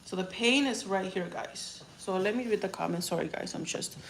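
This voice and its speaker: A woman's voice: medium pitch, normal speed, gravelly. Frank rambling woman chatting on a livestream. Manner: rambling, frank, swears freely. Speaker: vlogger on a livestream. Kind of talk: casual livestream chat reading comments. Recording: faint background noise.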